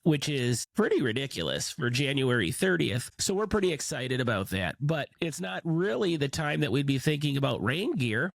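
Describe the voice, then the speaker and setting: A man's voice: mid-range voice, very animated, normal speed, creaky, few pauses, dry recording. A man hosting a podcast in casual chat, sounding nasal and congested from a cold, rambling with many restarts. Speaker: podcast host.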